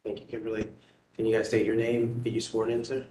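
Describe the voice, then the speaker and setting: Male chairman, monotone, low voice, procedural, echoey chamber. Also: brisk. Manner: procedural, brief. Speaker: commission chairman. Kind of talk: chairing a meeting. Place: council chamber. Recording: echoey chamber, faint rumble.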